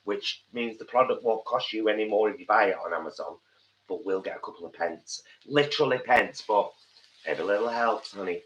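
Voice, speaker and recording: Casting: man, fairly low voice, chatty live-stream cook, faint kitchen hum behind. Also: a little fast, a bit bright, dull audio. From England. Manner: chatty, playful, talks while cooking. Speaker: cooking show co-host. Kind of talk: live cooking stream chat. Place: home kitchen.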